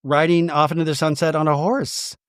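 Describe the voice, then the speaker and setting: A man's voice: a little high, level tone, a little fast, clear, resonant tone, no echo, studio quality, natural voice. A man doing an impression of a gossipy woman passing on rumors in a confiding tone.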